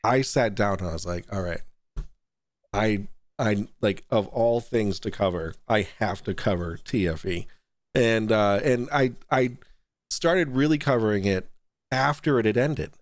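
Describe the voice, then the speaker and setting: A man's voice: on the low side, unhurried, dry recording. Man host, dry close sound. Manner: rambling, restarts often, laughs easily. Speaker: talk show host. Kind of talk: casual podcast chat.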